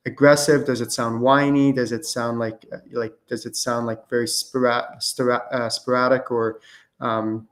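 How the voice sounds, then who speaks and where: A man hosting a live-streamed question-and-answer show, talking casually with lots of fillers and false starts. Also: mid-range voice. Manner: casual, rambling with many fillers and restarts. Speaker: host and spiritual channeling teacher.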